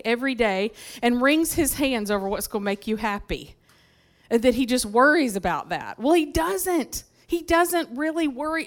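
A woman preaching a conversational sermon in church, telling stories from her life with lively asides to the congregation. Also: fairly high pitch. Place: church sanctuary.

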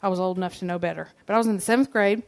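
A woman delivers a church message, telling personal stories with humor and addressing the audience directly in a conversational way. Her voice is lowish and rapid-fire, with vocal fry.

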